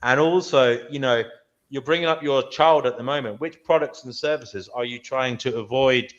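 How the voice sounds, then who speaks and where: Pressing host, dull lo-fi mic. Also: male voice, mid-range voice, normal speed. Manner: probing, pressing with repeated questions. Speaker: show host. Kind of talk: casual panel discussion.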